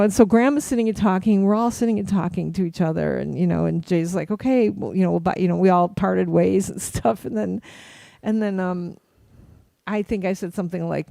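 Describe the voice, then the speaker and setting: A middle-aged woman co-hosting a casual chat, telling animated anecdotes and acting out the voices of people she quotes. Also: lowish voice, gravelly, no echo. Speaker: co-host.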